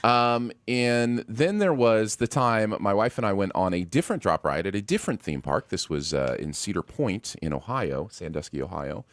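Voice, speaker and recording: A middle-aged man co-hosting a casual live chat, telling anecdotes in a relaxed, amused way. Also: lowish voice, normal speed, hardly any pauses, dry recording. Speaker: co-host.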